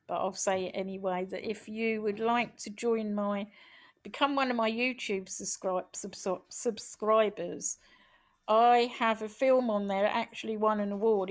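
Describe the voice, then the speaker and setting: Slow-paced woman reading a poem. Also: medium pitch. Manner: slow, rhythmic recitation. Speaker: poet and activist. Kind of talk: poem reading then casual speech. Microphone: video call.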